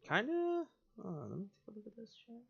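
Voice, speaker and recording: A man's voice: high-pitched, sing-song, rapid-fire, vocal fry, husky, lo-fi sound. A man livestreaming a build, ranting in exasperated, profane casual commentary. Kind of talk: casual live-stream commentary while building.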